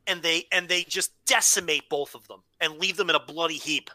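Podcast co-host, playful and emphatic, bright voice, dry close recording. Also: medium pitch, steady tone, a little fast, hardly any pauses, no echo. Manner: emphatic, playfully repeats catchphrases. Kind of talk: casual wrestling chat.

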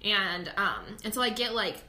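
A woman's voice: mid-range voice, pushed and bright. A woman co-hosting a podcast, chatting frankly and giving her opinions. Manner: frank, opinionated, quick asides. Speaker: podcast co-host. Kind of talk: casual chat.

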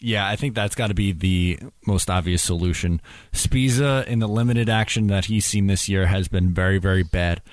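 Low-voiced male podcast co-host, blunt and opinionated, dry close sound. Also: moderate pace, no room sound. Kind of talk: casual hockey chat.

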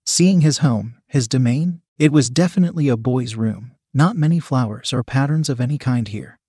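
A man reading a story aloud in measured, even audiobook narration. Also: mid-range voice, breathy edge, no echo, studio quality.

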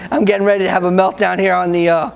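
A man's voice: high-pitched, gravelly. A man preaching a sermon, joking with the people in the room and laughing often between points. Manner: laughs often, jokes with the congregation.

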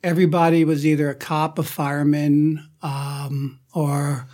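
Man guest with a faded New Jersey accent, animated, laughs while telling stories. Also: on the high side, measured pace. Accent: New Jersey, softened. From Newark, New Jersey. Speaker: actor, interview guest. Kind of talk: casual studio interview. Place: studio.

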